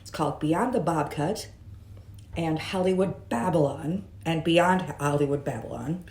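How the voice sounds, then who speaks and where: A woman's voice: sits low, unhurried, a little mellow. A woman vlogging in a chatty, musing way, with jokey asides, talking from her room. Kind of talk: casual vlog monologue. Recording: roomy echo.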